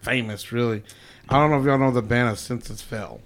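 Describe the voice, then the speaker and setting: A regular on a casual podcast, this man is an excitable storyteller who swears freely and acts out dialogue as he chats. His voice is medium-pitched and a little fast.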